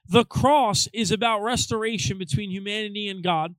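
A man's voice: high voice, moderate pace, a bit bright, no room sound, poor audio. A young adult man, a pastor, talking casually, emphatic and joking. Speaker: youth pastor. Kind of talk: casual chat.

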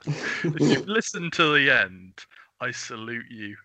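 A man co-hosting a podcast, chatting casually and teasing his co-host with deadpan jokes. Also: medium pitch, takes it slowly, no room sound. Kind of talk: casual chat.

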